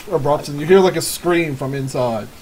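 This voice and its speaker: A man's voice: a little high, normal speed, heavy background noise. A man narrating a tabletop game as game master, rambling with lots of fillers and frequent laughs. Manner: giggly, rambling with many fillers.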